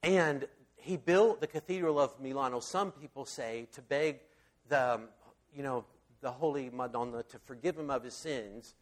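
A man's voice: medium pitch, moderate pace. A man giving a casual, rambling Bible talk, enthusiastic and full of fillers and restarts. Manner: enthusiastic storyteller.

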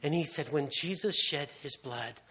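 A man giving a conversational sermon, telling stories with casual restarts and hushed emphasis. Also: on the high side, normal speed, husky. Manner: casual, storytelling delivery with frequent restarts and dropped-to-hushed emphasis. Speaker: preacher.

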